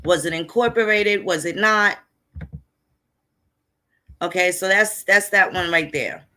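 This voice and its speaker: A woman's voice: on the low side, a little slow, pushed and bright. Blunt, profane woman. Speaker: history channel host. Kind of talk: casual lecture over on-screen records.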